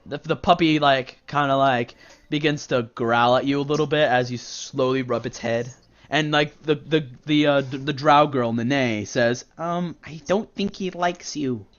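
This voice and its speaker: Rambling game master over lo-fi chat. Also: male voice, medium pitch, fairly even intonation, normal speed, a bit bright. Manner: rambling, filler-heavy, casual. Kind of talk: narrating a tabletop game. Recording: dull lo-fi voice chat.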